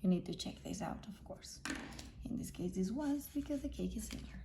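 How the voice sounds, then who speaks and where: A woman's voice: mid-range voice, animated, fairly quick, vocal fry, noisy background. A woman teaching English grammar, explaining patiently, repeating key points and checking in with her students. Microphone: self-filmed camera.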